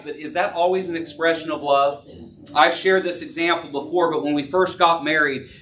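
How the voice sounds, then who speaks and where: A middle-aged man preaching a sermon as pastor, earnest, rising and dropping in pitch and loudness. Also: slight background noise. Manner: earnest preaching, rises and drops in pitch and volume. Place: church sanctuary. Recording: echoey room, voice from a distance.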